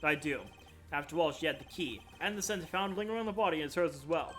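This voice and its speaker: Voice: medium pitch, a bit bright, slight background noise, lightly acted. A streamer doing a poised, formal male prosecutor. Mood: stern, probing. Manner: measured, formal, pointed questioning. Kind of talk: reading a video game's dialogue aloud on stream.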